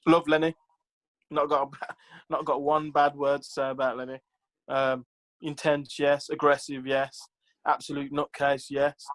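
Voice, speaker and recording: On a rough recording, an ex-professional footballer sits in as an interview guest and tells stories in a relaxed way, sprinkling in "like" and "you know" and performing the quotes. His voice is a little high, barely shifts in pitch, and takes its time.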